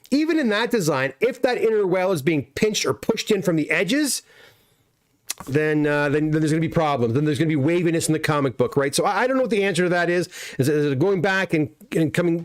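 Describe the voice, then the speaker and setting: Male host, middle-aged, slightly high voice, rambling friendly livestream chat, repeats himself. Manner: chatty, loose, frequent restarts and repeated words. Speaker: comic pressing business owner and livestream host. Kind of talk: casual livestream chat reading viewer comments.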